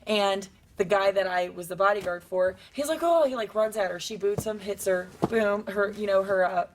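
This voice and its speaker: A young woman wrestler telling stories in a casual interview, acting out quotes with sudden high bursts. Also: moderate pace, a little hiss or hum.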